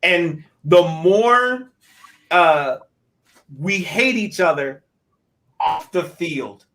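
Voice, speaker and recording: A man on a discussion panel who speaks in short, measured phrases. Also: a little high, animated, sharp tone.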